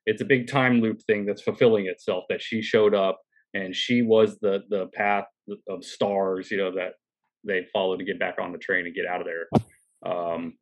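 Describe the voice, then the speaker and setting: A man with a lowish voice co-hosts a podcast, chatting loosely about a TV episode. He hedges and trails off, padding his thoughts with fillers as he works them out aloud. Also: little pitch movement, normal speed, rough recording. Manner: hesitant, many fillers and trailing phrases. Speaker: podcast co-host. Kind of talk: casual discussion of a TV episode.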